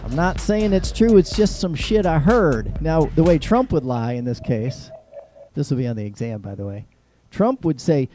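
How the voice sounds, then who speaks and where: Middle-aged male host, higher than usual, mellow tone, wry and joking, soft music underneath. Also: lively intonation, moderate pace. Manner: joking, sarcastic, laughs at own jokes; mocks others with put-on quoted voices. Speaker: show host. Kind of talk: live political monologue.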